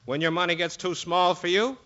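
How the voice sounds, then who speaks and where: A man's voice: high-pitched, fairly even intonation, fairly quick, pushed and bright. A man playing the pianist sidekick in a 1940s radio comedy, wry and a bit pompous. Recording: dull old radio broadcast.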